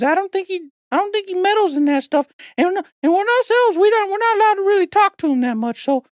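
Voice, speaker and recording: A chatty little male Christmas elf rambles in a very high, squeaky voice, folksy and grumbling as he pleads. It is a comic podcast bit, with the voice sitting close and dry with no room sound around it. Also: dry recording. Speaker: podcast host.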